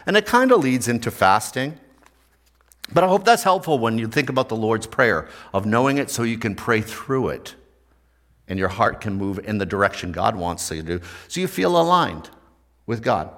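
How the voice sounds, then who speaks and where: A man's voice: lowish voice, very animated, normal speed, a bit bright. An older man preaching a sermon as pastor, in a conversational way and often putting questions to the congregation.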